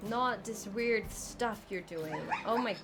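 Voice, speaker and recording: A woman's voice: medium pitch, slow pace, music in the background. A woman streaming a zoo-building game live, chatting, exclaiming in frustration, laughing and thanking viewers by name. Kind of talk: live gameplay stream chat.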